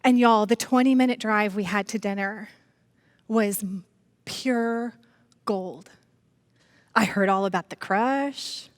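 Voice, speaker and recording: A woman's voice: mid-range voice, dry recording. A middle-aged woman preaching a sermon in church, telling a personal story animatedly and calling the congregation y'all.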